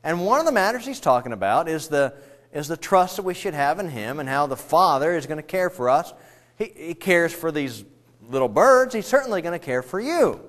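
A man's voice: a little high, big pitch swings, a little fast, fairly bright tone. A male pastor preaching a sermon in a conversational way, full of rambling asides, little jokes and restarts.

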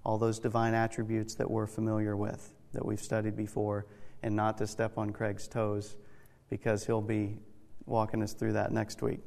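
A man's voice: on the low side, vocal fry, darkish tone. Man teaching a Bible class in a reverberant hall. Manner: explanatory, repeats "okay?" to check understanding. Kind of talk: church teaching session.

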